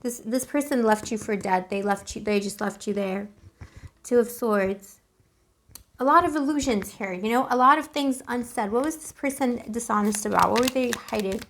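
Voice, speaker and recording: A woman's voice: a little high, normal speed, a bit bright. Chatty, emotional woman reading tarot. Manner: chatty, emotional, calls the listener boo. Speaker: tarot reader. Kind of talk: casual tarot reading to camera.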